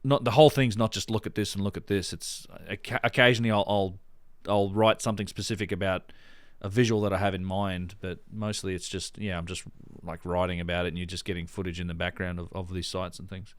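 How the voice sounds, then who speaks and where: Low-pitched guy hosting a podcast, talks in loose rambling bits, dry close sound. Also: level tone, fast, few pauses, dry recording. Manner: rambling, with many restarts and fillers. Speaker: podcast host. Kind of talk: casual podcast chat.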